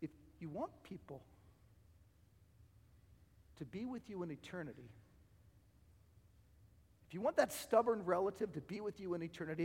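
A male pastor preaching a sermon, using repetition and swinging between loud and quiet phrases, his voice going hoarse. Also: sits high, very animated, moderate pace, pauses often, in a large hall. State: losing his voice. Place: church sanctuary.

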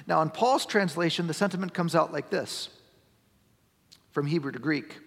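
A middle-aged male pastor delivers a sermon in a high, gravelly voice. He moves from easy, conversational talk to emphatic, near-shouted lines. The sound carries a long reverb from a church sanctuary. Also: moderate pace.

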